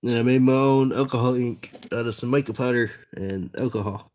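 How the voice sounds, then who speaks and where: A man's voice: medium pitch, a little fast, darkish tone. A young man with a Tennessee Southern accent, chatting casually and profanely with his livestream viewers while he works. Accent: Southern American, Tennessee. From Southern United States. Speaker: streamer making dice.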